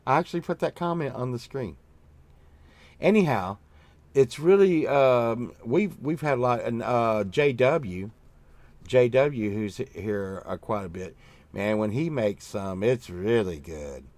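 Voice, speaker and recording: A man's voice: mid-range voice, animated, unhurried, darkish tone, dry recording. A man hosting a casual show, telling meandering stories with lots of fillers and the odd swear word. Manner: acts out his own past remarks in a raised voice. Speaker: host. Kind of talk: casual rambling chat.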